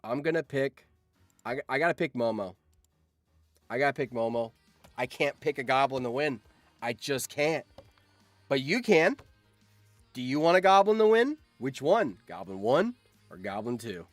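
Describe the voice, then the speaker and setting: A young man streaming, reacting to a game, excitable and swearing, with sudden shouts. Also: medium pitch, moderate pace, pauses often, no room sound, soft background music.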